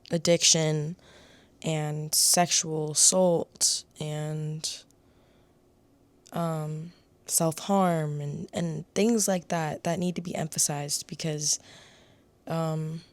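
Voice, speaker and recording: A woman talking earnestly in a casual book review vlog, pausing often to find her words. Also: deep voice, no echo. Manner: earnest, searching for words with frequent pauses.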